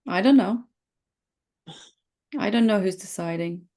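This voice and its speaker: A middle-aged woman leading a satsang dialogue as a spiritual teacher, speaking gently and playfully, sometimes teasing. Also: medium pitch, a little slow.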